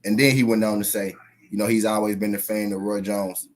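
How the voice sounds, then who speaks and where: A man's voice: fairly low pitch, level tone, fairly quick. A man hosting a casual boxing talk stream. He swears freely, talks straight to his viewers and reads a news article aloud. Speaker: boxing channel host. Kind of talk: casual live commentary, reading an article aloud.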